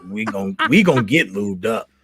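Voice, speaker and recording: A man's voice: fairly low pitch, animated, a little slow, fairly bright tone, slightly rough, no echo. A man joking around in casual podcast banter. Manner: joking, laid-back banter.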